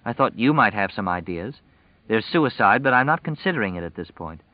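A man voicing a sharp-tongued young pregnant woman, cool and sarcastic in her replies. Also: on the low side, animated, a little fast, no echo, lo-fi sound, lightly acted.

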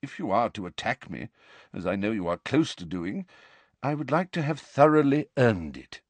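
Narrator doing a serene elderly wizard; slow, soft and steady, lower than his own voice. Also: no echo. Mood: calm. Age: older. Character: calm, serene old male wizard headmaster.

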